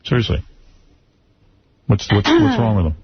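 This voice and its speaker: A man's voice: fairly low pitch, huge pitch swings, moderate pace, over a noisy crowd. A man hosting a radio talk show, teasing his guest bluntly and crudely. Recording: dull radio broadcast audio.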